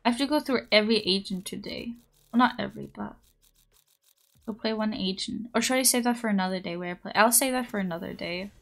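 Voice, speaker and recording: A young woman streaming a game, chatting casually with her viewers; her voice is raspy and hoarse from just waking up, and she giggles often. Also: medium pitch, fast talker, a bit bright. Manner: bubbly, giggly, playful. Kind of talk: casual live-stream chat.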